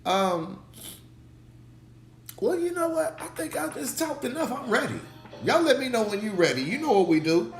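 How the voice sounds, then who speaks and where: A slightly hoarse man, a pastor hosting a faith livestream, talking casually and animatedly, repeating phrases and calling out to viewers in the chat. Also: very high-pitched, sing-song, moderate pace, pauses often. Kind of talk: casual livestream preaching talk. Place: indoor room, livestream. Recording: echoey room with faint music.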